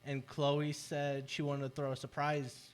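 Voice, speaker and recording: Young man, slightly high voice, laid-back. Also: monotone, unhurried. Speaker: podcast co-host. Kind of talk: casual chat.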